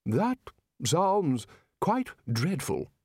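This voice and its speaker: A man voicing a prim, fussy old male wizard scholar who reads slowly and hesitantly from a book. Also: fairly high pitch, sing-song, a little mellow, no room sound, clean studio sound, pitched above the performer's own voice.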